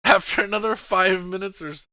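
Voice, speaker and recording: A game master narrating a tabletop game in a slow, descriptive way, often breaking into laughter. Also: mid-range voice, pushed and bright, dry recording, highs cut off.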